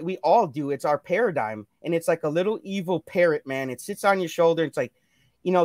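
A man with a fairly high voice speaks in an earnest, preachy, motivational way, circling back to the same points again and again. The sound is dry and close, with no room echo. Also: expressive, a little fast, a little mellow. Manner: earnest, preachy, repeats phrases. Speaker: guest. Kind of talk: motivational casual chat. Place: live stream call.

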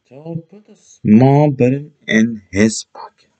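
A man reading a children's bedtime story aloud in an expressive, deliberate way. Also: medium pitch, poor audio.

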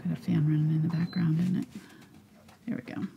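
A woman teaching a live painting lesson in a breathy, soft voice, often mumbling as if talking to herself. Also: sits low, flat delivery, fairly quick, noisy background. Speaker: painting instructor.

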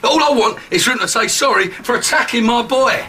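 An actor playing a gruff, hostile pub landlord in a TV soap drama, barking and jeering. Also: male voice, very high-pitched, fairly quick, pushed and bright, heavily acted. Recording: TV soundtrack with background noise.

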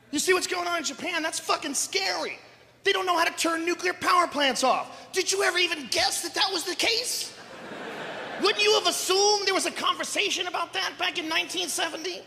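A man doing live stand-up comedy, ranting loudly and animatedly with lots of profanity. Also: very high voice, gravelly. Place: large theater stage. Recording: echoey hall with audience noise.

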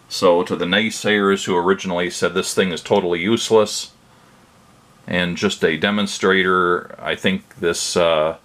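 Deep-voiced older man demoing gadgets. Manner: relaxed, plain-spoken, hesitant with fillers. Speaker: hobby electronics channel host. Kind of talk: casual demo narration.

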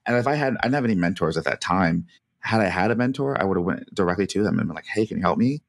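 A man, a physician, telling stories over a remote call in a casual, animated way, laughing often. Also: low-pitched, quick pace, gravelly, no room sound. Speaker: physician, podcast co-host. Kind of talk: casual chat, storytelling.

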